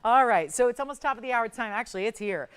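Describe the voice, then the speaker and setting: A middle-aged woman hosting a live home shopping show, selling jewelry with upbeat, persuasive patter and excited price countdowns from a TV studio. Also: on the high side, quick pace, clean tone. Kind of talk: live TV jewelry sales pitch.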